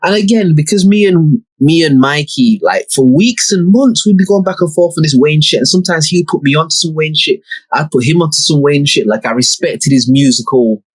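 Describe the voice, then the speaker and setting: Husky-voiced man telling a story. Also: a little high, a little fast, dry recording, rough recording. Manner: laid-back, slangy, swears freely. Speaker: podcast host. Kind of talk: casual storytelling.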